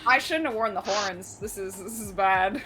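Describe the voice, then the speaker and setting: A woman's voice: mid-range voice, moderate pace, a crowd in the background. A woman acting as game master in a casual online tabletop game, asking the players questions and laughing easily.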